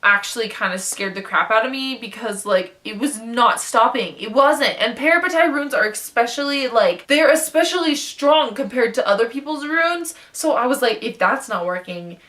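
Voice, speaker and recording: A young woman ranting about a book in a casual, excitable, gushing way, rambling from point to point. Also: a little high, normal speed, hardly any pauses. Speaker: book vlogger. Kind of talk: casual book review rant.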